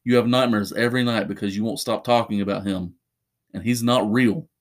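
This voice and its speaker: A man's voice: on the low side, fairly even intonation, brisk, lightly acted. A man voicing a stern but worried father who firmly reassures his son in a spoken horror story.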